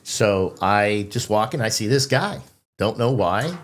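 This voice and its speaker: A man's voice: on the low side, expressive, unhurried, a little hiss or hum. A man hosting a podcast, telling stories in a casual chat in an easygoing way and often laughing along. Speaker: podcast host.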